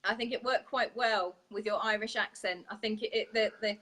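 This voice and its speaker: A woman's voice: mid-range voice, steady tone, brisk, a bit bright, a little hiss or hum. A female radio co-host chatting enthusiastically, often restarting her sentences. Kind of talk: casual chat.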